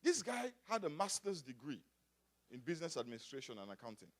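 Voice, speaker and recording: A male pastor from Africa delivers a sermon in a voice pitched high for a man. His delivery swings widely in pitch as he builds from quiet asides to loud, shouted points. He calls out to the congregation for responses. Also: big pitch swings, brisk.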